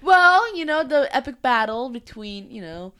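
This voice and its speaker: A woman's voice: high voice, big pitch swings, a little slow, pushed and bright. A young woman co-hosting a podcast, blunt and teasing in a casual chat. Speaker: podcast co-host.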